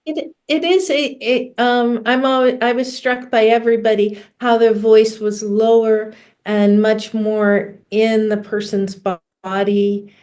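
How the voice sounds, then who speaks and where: A woman's voice: on the high side, flat delivery, unhurried, few pauses, a little mellow. A woman taking part in a workshop, reflecting thoughtfully and often restarting as she searches for words. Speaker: workshop participant. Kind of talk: reflective group discussion.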